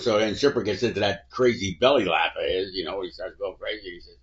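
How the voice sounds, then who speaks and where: Low-voiced guy telling a rambling old story, kinda muffled lo-fi sound. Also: a little fast. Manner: folksy and rambling. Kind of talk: casual anecdote telling.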